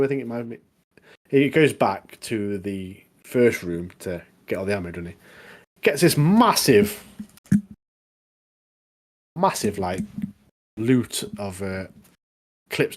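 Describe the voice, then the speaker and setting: Man, podcast co-host, low voice, animated casual recap. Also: takes it slowly, pauses often. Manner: animated, recaps the plot with acted-out quotes. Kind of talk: casual chat.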